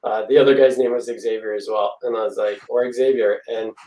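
Guest storyteller, male, mellow tone, recorded far off the mic in a roomy space. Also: on the low side, fairly even intonation, fairly quick. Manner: rambling, laughs often, acts out quotes. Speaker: guest magician. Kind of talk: casual storytelling. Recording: echoey room, far from the mic.

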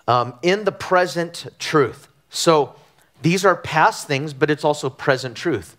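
A middle-aged man from Southern California preaching a conversational sermon, telling animated stories with frequent ums and restarts. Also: a little high, slow. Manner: animated storytelling with frequent fillers. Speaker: pastor. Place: church sanctuary.

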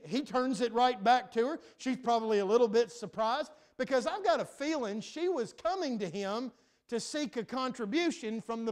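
A high-voiced male pastor preaches from the pulpit of a church. He swings from loud, stressed lines to quiet, confiding asides. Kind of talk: preaching a sermon. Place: church sanctuary.

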